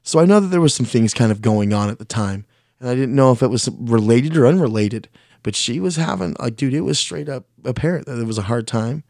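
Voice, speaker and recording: A blunt, foul-mouthed man spins a personal story in a loose, conversational way, stumbling and restarting as he goes. His voice sits at an ordinary mid pitch. The sound is close and dry, with no room around it. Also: expressive, brisk, darkish tone, no room sound. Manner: blunt, profane, self-deprecating, restarts often; speaks his mind plainly. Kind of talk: casual spoken storytelling.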